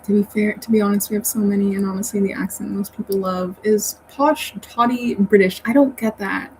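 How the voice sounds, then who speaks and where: A woman's voice: mid-range voice, animated, moderate pace, rough recording. A woman hosting a casual livestream, chatting with her viewers in a rambling way and laughing often. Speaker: livestream host reading chat. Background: faint fan hum.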